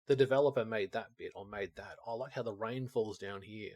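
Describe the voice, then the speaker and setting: A man's voice: fairly low pitch, a little fast, a little mellow, no echo. A man co-hosting a podcast, rambling casually and acting out his own thoughts as he talks. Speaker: podcast co-host. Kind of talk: casual chat.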